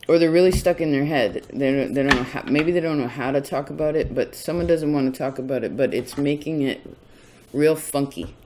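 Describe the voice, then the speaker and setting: Man, fairly high pitch, casual tarot reading, rambling, chatty, self-interrupting. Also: a little fast, darkish tone. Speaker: tarot reader.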